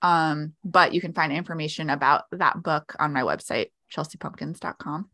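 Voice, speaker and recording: A woman's voice: deep voice, moderate pace, pushed and bright, dry recording, clean studio sound. A woman co-hosting a casual podcast, chatty with frequent fillers. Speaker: podcast co-host.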